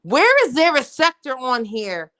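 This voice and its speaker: Loud cussing new york woman rambling on a stream, kinda high voice. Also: huge pitch swings, measured pace, no room sound. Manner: brash, profane, rambling. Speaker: stream guest. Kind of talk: casual stream chat.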